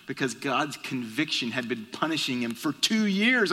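A middle-aged man preaching a sermon, telling a family story and dropping soft and low at its tender moments. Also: moderate pace. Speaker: pastor. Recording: long hall reverb.

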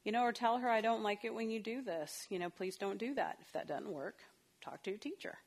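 A woman's voice: medium pitch, a little fast. A woman counselor giving a talk on parenting, telling stories from her own family in a chatty way and acting out the dialogue. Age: adult parent of a young child.

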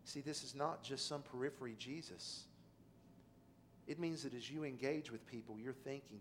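A middle-aged man preaching a sermon, telling a personal story that drops quiet and low, then rises to loud, emphatic pleading. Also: fairly even intonation, moderate pace, a little hiss or hum. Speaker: pastor.

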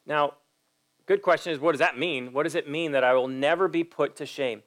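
High-voiced man preaching a sermon. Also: a little fast, fairly bright tone. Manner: emphatic, direct questions to the congregation; acts out quoted voices in a story. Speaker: pastor.

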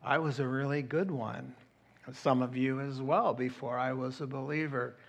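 A middle-aged man preaching a sermon as pastor, animated and acting out quoted voices. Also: mid-range voice, moderate pace, vocal fry.

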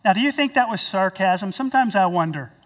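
A woman pastor preaching a sermon, telling the story with big swings between loud and quiet. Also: mid-range voice, animated, fairly quick, distant mic. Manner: storytelling with dramatic swings in volume.

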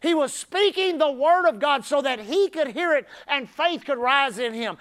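A male pastor preaching a sermon emphatically, building up to shouted climaxes. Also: very high-pitched, moderate pace, hardly any pauses.

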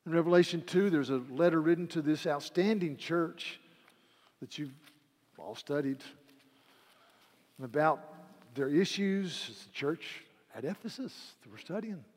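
A man preaching a sermon with passion, swinging from hushed to loud and repeating words as he builds emphasis. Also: a little high, a little slow, long pauses. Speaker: pastor. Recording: reverberant hall.

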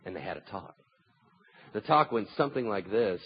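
A man preaching a sermon as pastor, telling stories and swinging between hushed tones and loud, emphatic points. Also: sits low, lively intonation, normal speed, lo-fi sound, a little hiss or hum.

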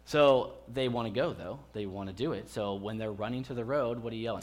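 A man's voice: fairly low pitch, a little fast, darkish tone. Joking, chatty male pastor preaching. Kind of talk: conversational sermon. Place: church.

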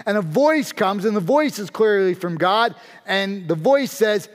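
A man with a notably high voice delivers a sermon as a pastor. He preaches emphatically and drives his points home with dramatic repetition. His voice rings out with the long reverb of a large church hall. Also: expressive, measured pace.

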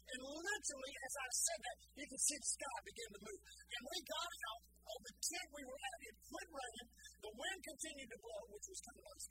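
A man delivers a sermon with a high, wildly swinging voice. He tells his story with animated energy and builds to emphatic declarations and prayer. Music plays clearly underneath him. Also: poor audio. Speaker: preacher.

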